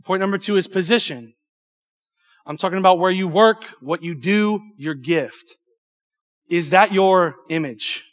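A young man preaching a youth sermon in an animated, emphatic way, with stumbles and asides. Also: high-pitched, a little slow. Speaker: youth pastor.

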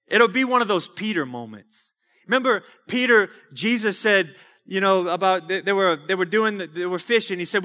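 High, bright-voiced preaching man. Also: animated, moderate pace, big-room sound. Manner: fervent preaching with calls of amen. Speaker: pastor. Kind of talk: sermon. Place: church sanctuary.

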